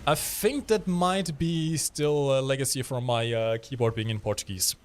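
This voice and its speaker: A man co-hosting a live gameplay stream, chatting in a lively, teasing way while he plays. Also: medium pitch, normal speed. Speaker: stream co-host.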